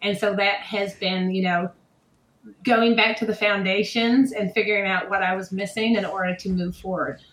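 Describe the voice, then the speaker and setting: Give me a woman putting on an American accent, mid-pitched, roomy sound. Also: fairly even intonation, normal speed, close to an everyday voice. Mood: earnest. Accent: American, put on.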